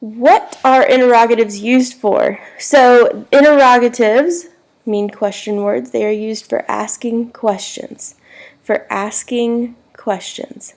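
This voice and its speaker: A woman's voice: fairly high pitch, fairly even intonation, takes it slowly, a little mellow. A woman teaching a recorded Spanish lesson, spelling words out letter by letter.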